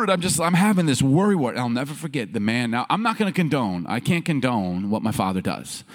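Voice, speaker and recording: A man from Chicago and Baltimore delivers a sermon like a personal story, his voice rising and falling widely. He laughs often and pushes into loud bursts at the funny turns. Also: medium pitch, big pitch swings, quick pace, few pauses. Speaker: pastor.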